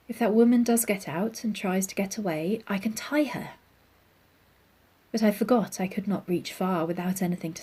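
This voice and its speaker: A woman giving a dramatic first-person story reading, hushed and often slipping into a whisper. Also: medium pitch, breathy edge. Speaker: audiobook reader.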